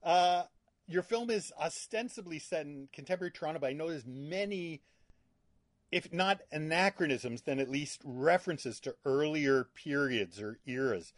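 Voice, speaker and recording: A man's voice: on the high side, moderate pace, dry recording, clean studio sound. A man interviewing a director, asking curious, casual and playful questions.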